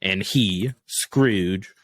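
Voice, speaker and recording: A man co-hosting a casual movie review podcast, relaxed and agreeable, often chiming in with short replies. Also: deep voice, drawn-out words, no echo, studio quality. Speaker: podcast co-host.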